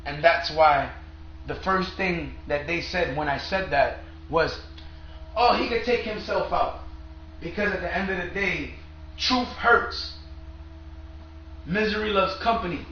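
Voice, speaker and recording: A man's voice: high voice, unhurried, long pauses, slight background noise. A man talking straight to viewers in a rambling monologue, agitated and profane, in long run-on stretches. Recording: echoey room, dull lo-fi sound.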